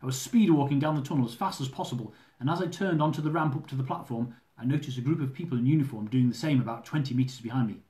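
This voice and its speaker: A man reading his own humorous travel memoir aloud, lively and dramatic, with comic swearing. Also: mid-range voice, quick pace, hardly any pauses. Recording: roomy echo.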